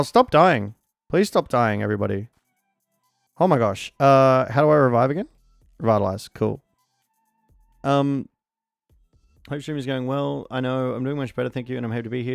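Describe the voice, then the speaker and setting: A man streaming a game, chatting casually and excitably, greeting viewers and reacting loudly to the action. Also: medium pitch, normal speed, creaky, long pauses, no room sound, studio quality, soft background music. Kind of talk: casual live-stream chat while gaming.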